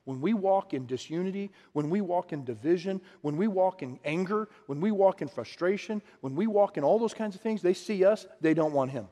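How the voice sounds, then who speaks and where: Man, pastor, sermon, animated, acts out voices, fairly high pitch, long reverb. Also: fairly quick, few pauses. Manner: animated, acts out quoted voices, restarts often.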